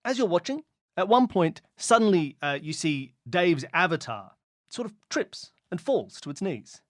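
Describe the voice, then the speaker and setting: Lively, animated male game master. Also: high-pitched, normal speed, dry recording, studio quality. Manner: lively, descriptive, playful. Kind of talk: narrating a mystery game.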